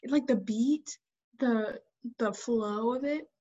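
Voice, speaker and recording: A young woman co-hosts a casual podcast, giggly and teasing. Her voice is a little high. The recording sounds muffled and lo-fi. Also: slow pace, warm tone. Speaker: podcast co-host. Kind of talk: casual chat. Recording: dull lo-fi sound.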